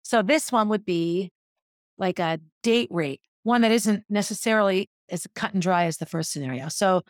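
A woman's voice: medium pitch, moderate pace, dry recording, clean studio sound. Woman vividly narrating a personal story. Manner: vivid, descriptive, guiding listeners through a scene. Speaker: former teacher telling a personal story.

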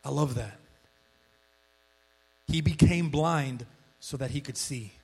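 A man's voice: medium pitch, slow pace, husky. A male pastor preaching a sermon in a conversational storytelling way, with frequent restarts. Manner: conversational storytelling, frequent restarts, rising excitement when acting out quotes.

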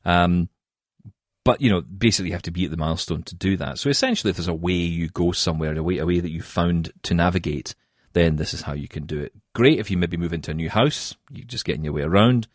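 A man with a Scottish accent, chatting on a podcast in a self-mocking, animated way. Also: sits low, quick pace, no room sound, clean studio sound. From Scotland. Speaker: podcast co-host. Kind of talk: casual chat.

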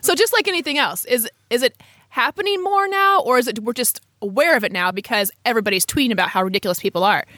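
A woman's voice: fairly high pitch, expressive, quick pace, sharp tone, dry recording. A woman co-hosting a talk show, asking curious questions in casual banter. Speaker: co-host.

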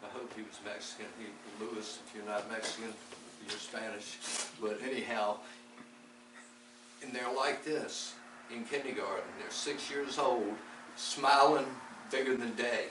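A man's voice: mid-range voice, steady tone, a little slow. Earnest man telling a faith story from afar. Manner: earnest, rambling, repeats words, storytelling. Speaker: lay preacher. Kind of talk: testimony-style faith talk. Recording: echoey distant recording with background noise.

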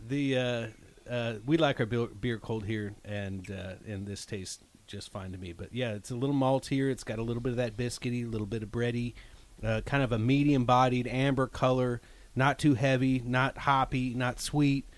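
A man who reviews beer on a radio show, chatting casually in a relaxed way with fillers, into a studio mic. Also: mid-range voice, normal speed.

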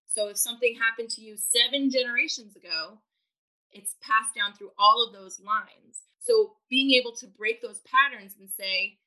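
Bright lively woman coach on a podcast, acting out little scenes as she explains. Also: a little high, moderate pace, poor audio. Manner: animated, acts out parents' inner voices. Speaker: parenting coach. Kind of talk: podcast interview.

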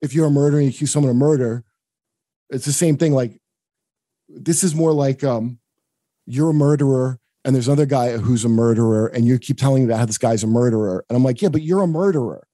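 Profane rambling American man, dark dry voice. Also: medium pitch, fairly even intonation, fast, no echo. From United States. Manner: profane, rambling, joking, frequent restarts. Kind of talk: casual podcast chat.

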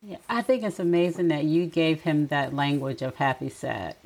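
A middle-aged woman speaking as a podcast guest in casual conversation, reflective and gently advising. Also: low-pitched, normal speed, gravelly, rough recording.

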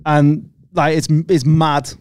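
A man's voice: fairly high pitch, level tone, darkish tone, clear, resonant tone, no room sound. A young man, chatting casually as a podcast co-host in a rambling, sweary way. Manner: rambling and sweary, with quick restarts. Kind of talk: casual chat.

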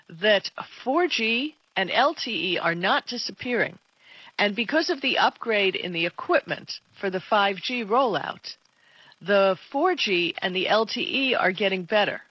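A woman co-hosting a tech talk show in casual chat, emphatic and quick to laugh. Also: mid-range voice, expressive, breathy edge, dry recording. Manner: chatty, laughs often, emphatic. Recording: dull lo-fi dry sound.

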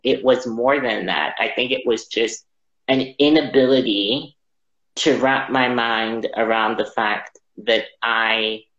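A man telling a personal story as an interview guest, halting and reflective, often repeating his words. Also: mid-range voice, a bit bright. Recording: roomy, dull lo-fi audio.

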